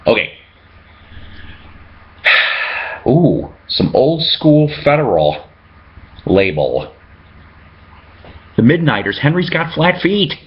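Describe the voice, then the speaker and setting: A man's voice: medium pitch, very animated, takes it slowly, long pauses, highs cut off. A man hosting a casual show-and-tell video about his records, chatting and joking as he reads out the labels. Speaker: record collector host.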